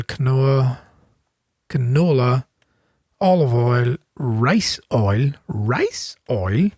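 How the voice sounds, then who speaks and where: A middle-aged Northern Irish man with a softened accent, chatting casually and thinking aloud with plenty of ums as he commentates his own farming game. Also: mid-range voice, dry recording. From Northern Ireland. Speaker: gaming channel host.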